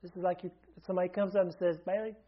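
A man with a somewhat high voice preaches a sermon, teaching in a loose, chatty way. He keeps asking his listeners questions and restarts his sentences, and the recording sounds muffled and lo-fi. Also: flat delivery, rapid-fire.

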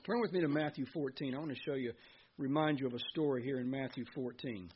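A man's voice: mid-range voice, fast talker, lo-fi sound, a little hiss or hum. A man preaching a sermon as pastor, reading scripture and asking his listeners questions. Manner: earnest preaching, reads scripture aloud, asks the congregation questions.

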